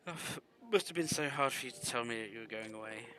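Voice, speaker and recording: A man's voice: mid-range voice, quick pace, pushed and bright, slight background noise, natural voice. A man voicing a young boy saying a tearful goodbye, read aloud in an earnest, apologetic way.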